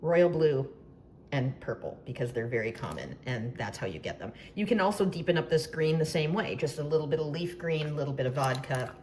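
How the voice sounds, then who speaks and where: Low-pitched chatty woman demonstrating. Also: lively intonation, a little fast, darkish tone, a little hiss or hum. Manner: chatty, self-deprecating, playful asides. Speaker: baking tutorial host. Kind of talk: casual demonstration.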